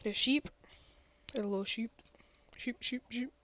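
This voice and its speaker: Slow-talking woman streamer with a sore throat. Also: a little high, fairly bright tone, lo-fi sound, slight background noise. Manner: chatty, gasps and exclaims often. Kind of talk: casual gaming commentary.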